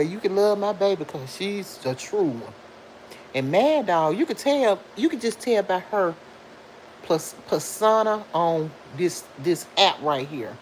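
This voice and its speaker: A middle-aged woman chats live with her viewers in a lively, sing-song voice that sits a little low. She laughs often and answers commenters directly. A faint hiss of background noise runs under her voice. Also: poor audio. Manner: animated, talks back to commenters, laughs often. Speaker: live stream host. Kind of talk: casual live chat reading comments.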